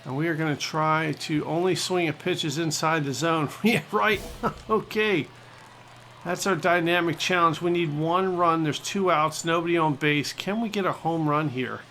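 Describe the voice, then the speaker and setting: A man calls a video baseball game pitch by pitch as the channel's host, joking with his viewers and getting loud at every strikeout. His voice is bright and forceful and sits a little high. A faint hiss of noise runs under the recording. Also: moderate pace. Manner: excitable, jokey, talks to viewers. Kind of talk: play-by-play game commentary.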